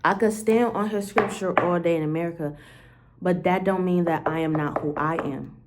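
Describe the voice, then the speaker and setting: There's background noise behind this woman's lowish voice as she talks at normal speed. She's a vlogger giving a candid, rambling diary-style monologue to the camera, heavy on "like" fillers and offhand cursing.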